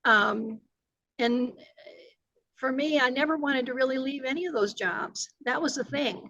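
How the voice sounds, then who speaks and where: A woman's voice: high-pitched, a little slow, bright, forceful tone, no echo, muffled recording. An older woman, a retired agency director answering interview questions earnestly, with many fillers and restarts.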